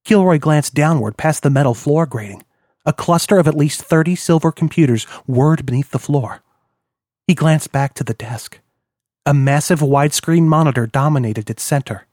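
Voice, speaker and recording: A man narrates a novel in a measured, descriptive way. His voice sits a little high, and the recording is dry and close with no room sound. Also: darkish tone, no echo. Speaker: audiobook narrator. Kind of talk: scripted narration.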